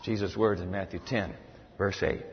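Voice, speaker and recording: A man preaching a sermon from scripture, emphatic and animated, telling his listeners to write things down. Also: low-pitched, normal speed, a little hiss or hum. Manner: animated and emphatic, tells listeners to take notes. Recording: reverberant hall, dull lo-fi sound.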